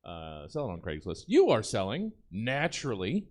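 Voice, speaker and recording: A man's voice: fairly low pitch, huge pitch swings, moderate pace. A man hosting a live comedy show, loose and wry, laughing often between remarks.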